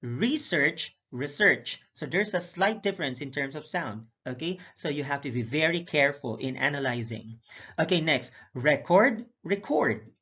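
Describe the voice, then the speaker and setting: A male English teacher recapping a lesson, speaking in a measured way, repeating each word pair slowly with frequent "okay" and "uh" fillers. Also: fairly high pitch, bright, forceful tone, slightly rough. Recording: dull lo-fi recording.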